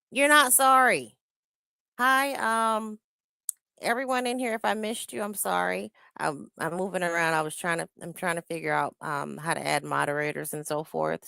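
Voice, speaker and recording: A woman's voice: lowish voice, gravelly, pushed and bright, dry recording, clean studio sound. A woman hosting a live-stream reaction, talking casually and bluntly, cussing and greeting viewers in the chat.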